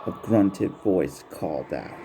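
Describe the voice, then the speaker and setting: Brief: male narrator, slow, animated intonation, faint music behind. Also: deep voice. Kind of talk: amateur storybook reading.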